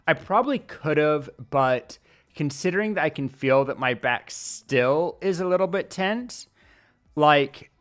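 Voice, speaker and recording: A male streamer chatting casually, rambling along with pauses and restarts as he talks into his desk mic. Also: a little high, a bit bright, clean tone. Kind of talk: casual livestream chat. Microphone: desk mic at streaming setup.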